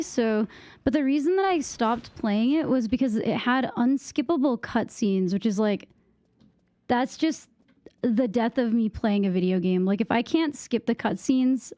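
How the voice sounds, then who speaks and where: A young woman gaming streamer chats casually while playing, rambling and getting easily distracted, with lots of "like" as filler. Her voice is fairly high and mellow at a moderate pace, with no room sound.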